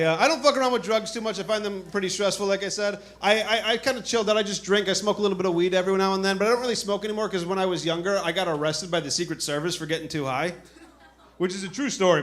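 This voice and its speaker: A man's voice: sits high, a bit bright. A man from Chicago in his thirties doing a casual stand-up set on a club stage, telling a story and acting out the people in it. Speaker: stand-up comedian. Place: comedy club stage with audience.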